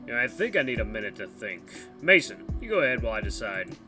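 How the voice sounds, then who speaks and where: A man's voice: medium pitch, very animated, fast, lightly acted. A man reading the lines of a confident young male tour guide in a visual novel, in a friendly, assured way. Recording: background music under voice.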